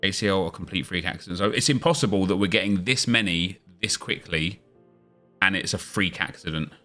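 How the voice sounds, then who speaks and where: A gaming streamer man with a lowish, bright, forceful voice talks casually with his audience. He runs through updates in a loose, chatty way and punches up the energy for his video intros. Faint music plays behind him. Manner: chatty, quick back-and-forth with viewers, hype intro energy. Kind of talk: casual livestream chat and upbeat video intro.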